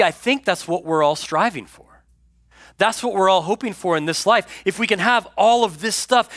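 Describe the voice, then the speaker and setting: A man preaching a sermon as a pastor, casual and earnest, rising loud then dropping very soft for emphasis. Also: sits high, no room sound, clean studio sound.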